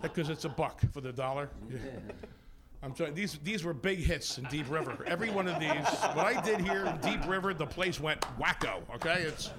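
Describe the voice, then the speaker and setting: A man's voice: a little high, over a noisy crowd. A man doing a brash, jokey stand-up comedy set as a guest on a local TV show. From Ireland-descended American? no. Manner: brash, rapid jokey delivery with asides. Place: local TV studio.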